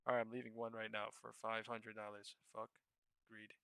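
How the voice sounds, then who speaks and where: A man streaming his live day trading, muttering profanely and anxiously to himself, with sudden shouts away from the microphone. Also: lowish voice, level tone, moderate pace, gravelly, smooth, dry recording.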